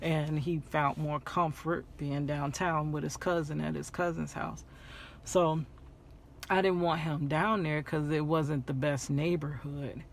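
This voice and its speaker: A woman vlogger telling a personal story in a casual storytime way, animated, laughing often and repeating phrases for emphasis. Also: low voice, measured pace, a little hiss or hum.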